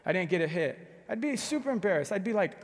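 Young male pastor, fairly high voice, passionate, loud peaks and hushed lows, long reverb. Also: expressive, fast talker. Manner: passionate, swings between loud emphatic bursts and soft hushed passages. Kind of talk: sermon.

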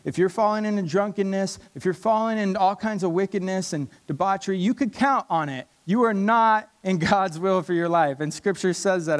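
A male preacher delivering a sermon with earnest passion. He leans on repetition to drive each point home, and his voice sits a little above the usual male pitch. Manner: passionate, emphatic, repeats key phrases.

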